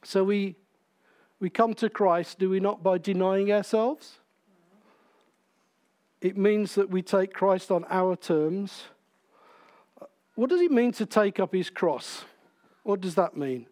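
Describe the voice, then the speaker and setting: High-voiced preacher. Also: male voice, takes it slowly, long pauses, a little mellow. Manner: conversational, asks the congregation questions. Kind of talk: sermon.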